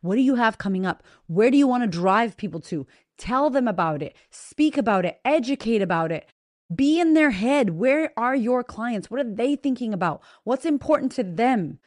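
A woman hosting a podcast in a casual motivational monologue, blunt and profane, talking straight to her listeners with energetic emphasis. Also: fairly high pitch, no room sound, clean studio sound. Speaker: podcast host and business coach.

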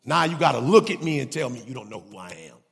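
A preacher voicing the Lord, casual and pressing. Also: male voice, medium pitch, big pitch swings, fast, gravelly, fairly bright tone, big-room sound, pitched below the performer's own voice. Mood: confronting. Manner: casual street-talking rebuke. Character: the Lord, a patient but pressing male divine voice.

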